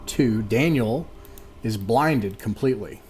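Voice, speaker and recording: A man narrating as game master of an online tabletop game, halting and full of fillers and restarts. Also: fairly low pitch, animated, crowd noise.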